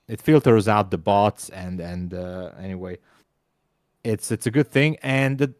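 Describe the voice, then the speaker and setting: Hungarian-accented man, halting casual speech. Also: on the low side, dry recording, studio quality. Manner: halting, repeats words, laughs often. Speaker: trading stream co-host. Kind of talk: casual live-stream chat.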